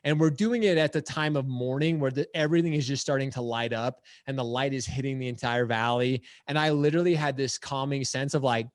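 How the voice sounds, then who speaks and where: A man's voice: mid-range voice, fairly quick, few pauses, no echo. A man telling a story in a casual podcast chat, acting out his own quoted lines and saying "like" and "dude" a lot. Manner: animated, acts out quotes. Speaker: podcast guest. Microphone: headphones on, live podcast.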